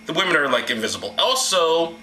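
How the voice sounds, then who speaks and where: A man riffs sarcastically through a scripture reading, swearing freely and darting between funny voices and asides. His voice is bright and sharp, swooping up and down in pitch. The sound carries the echo of a bare room. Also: very animated, fairly quick, slight background noise. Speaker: comedic host reading scripture. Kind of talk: irreverent comedic reading and commentary.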